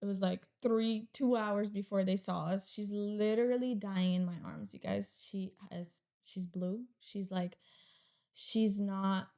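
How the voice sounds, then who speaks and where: A young woman recounts a hard personal story as a guest on a chat show. Her voice is low in brightness and mellow, with a lot of vocal fry, and she talks in a rambling way, leaning on "like" as she goes. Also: fairly even intonation, a little slow. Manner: rambling, heavy use of "like". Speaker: podcast guest.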